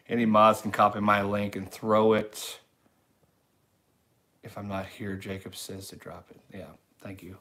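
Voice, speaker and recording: A middle-aged man with a fairly low voice talks loosely to his livestream viewers. He rambles in an easygoing way and reads their chat messages aloud as they come in. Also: level tone, unhurried, pauses often, a bit bright. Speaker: livestream host. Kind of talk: casual live-stream chat reading comments.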